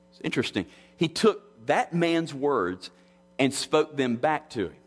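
A pastor preaching an expository sermon, measured and earnest, often restarting his phrases. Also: medium pitch, very animated, breathy edge. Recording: long hall reverb.

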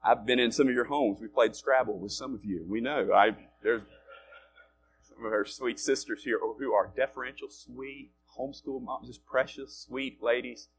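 A male pastor preaching a sermon in a conversational way, rising loud and dropping quiet to make his points. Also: medium pitch, steady tone, moderate pace, a little hiss or hum. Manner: conversational preaching with wide swings in loudness.

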